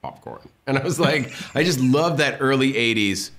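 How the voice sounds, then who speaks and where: A man's voice: medium pitch, moderate pace. Enthusiastic male film director. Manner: animated, enthusiastic storytelling. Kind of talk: casual interview talk.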